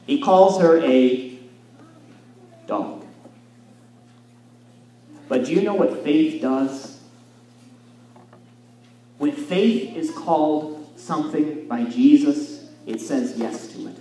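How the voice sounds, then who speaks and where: A man's voice: on the high side, drawn-out words, long pauses, mellow, slight background noise. A male pastor preaching a sermon with emphasis, asking his congregation rhetorical questions, in a church sanctuary. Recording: echoey, from far off, faint room ambience.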